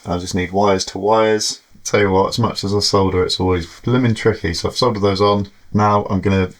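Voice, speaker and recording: A man's voice: on the low side, fairly even intonation, a little fast. Exasperated man tinkering and narrating. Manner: chatty and exasperated, sighing and laughing at setbacks. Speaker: FPV drone hobbyist vlogger. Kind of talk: casual running commentary while tinkering.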